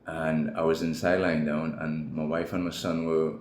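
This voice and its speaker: Deep-voiced man telling a candid story. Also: flat delivery, moderate pace, darkish tone. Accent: Trinidadian. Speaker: guest. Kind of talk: personal story in an interview. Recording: echoey room with faint noise.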